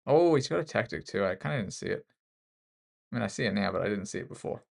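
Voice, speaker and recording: A man's voice: fairly low pitch, expressive, quick pace, creaky. A man with an Australian accent giving casual, self-mocking live commentary while playing chess. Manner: self-mocking, joking banter with the opponent. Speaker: chess streamer.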